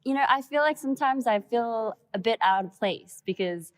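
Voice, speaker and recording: Woman guest, hesitant and soft, fillers, trailing phrases, dry close sound. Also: on the high side, lively intonation, moderate pace, no room sound. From Australia. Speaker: interview guest. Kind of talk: conversational interview.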